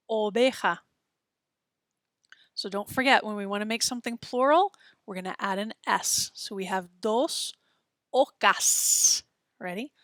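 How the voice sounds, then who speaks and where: A woman's voice: medium pitch, fairly bright tone, no room sound, clean studio sound. A woman teaching beginner Spanish on a textbook recording, speaking patiently and drawing words out so learners can repeat them. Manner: slow, patient, drawn-out pronunciation for repeating. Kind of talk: textbook audio lesson.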